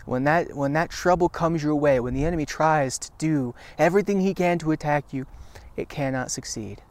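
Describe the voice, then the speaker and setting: A man giving an earnest devotional talk to camera. He repeats phrases for emphasis and often restarts his sentences. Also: a little high. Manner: halting with frequent restarts. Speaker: Christian video teacher.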